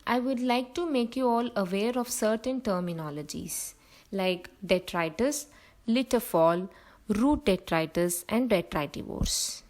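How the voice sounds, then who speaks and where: A woman's voice: medium pitch, low-quality recording. A young woman teacher giving a biology lecture, explaining terms step by step with frequent fillers.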